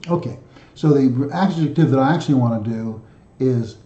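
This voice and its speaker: A man hosting a recorded language lesson, chanting lists of word endings and explaining them haltingly, often correcting himself. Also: mid-range voice, mellow. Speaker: self-taught language video host. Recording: echoey room, dull sound.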